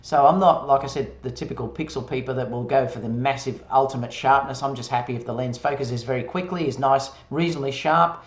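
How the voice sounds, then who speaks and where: A man's voice: mid-range voice, brisk, hardly any pauses. A man guest on a live stream, chatting casually about camera gear and rambling with fillers and restarts. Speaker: guest photographer. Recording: roomy echo.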